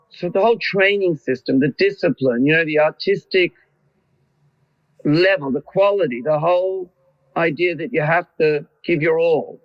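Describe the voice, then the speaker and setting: A middle-aged man interviewing a guest in casual chat, effusive and unhurried. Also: on the high side. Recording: dull lo-fi sound.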